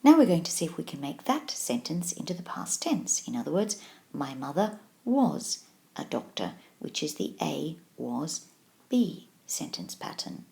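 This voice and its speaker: A woman teaching a language video tutorial, explaining slowly and patiently and encouraging the learner. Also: low voice, very animated, gravelly, mellow. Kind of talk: scripted video tutorial lesson.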